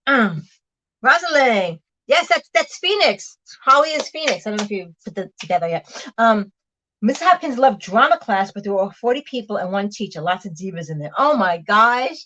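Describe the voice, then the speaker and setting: A middle-aged woman hosting a vlog livestream reads the live chat, chatting and laughing while she preps food, giggly and talking with food in her mouth. Her medium-pitched voice is sing-song, bright and forceful at a moderate pace. The audio is dull, with slight background noise.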